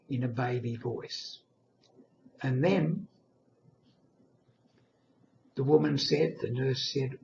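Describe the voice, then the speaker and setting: Old man in his 80s telling a story real slow, gravelly voice, dull echoey room. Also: medium pitch, fairly even intonation, slight background noise. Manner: slow, earnest, reflective. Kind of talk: personal reminiscence monologue.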